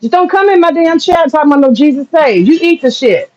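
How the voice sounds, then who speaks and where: A woman's voice: high-pitched, expressive, a little fast, a little mellow. A woman streaming live, ranting bluntly and profanely to her chat and breaking into laughter often. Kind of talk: casual livestream rant to chat. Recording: dull lo-fi sound with faint noise.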